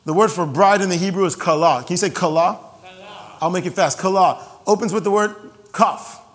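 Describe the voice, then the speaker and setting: A man preaching a sermon to his congregation in an animated way, joking and repeating phrases for emphasis. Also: high-pitched, a little fast. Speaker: pastor. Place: church sanctuary. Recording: long hall reverb.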